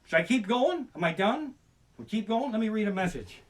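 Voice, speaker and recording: A man ranting through a profane stand-up story, talking fast and jumping into panicked shouted voices. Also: sits high, big pitch swings. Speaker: comedian. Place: living room. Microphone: basic home streaming setup.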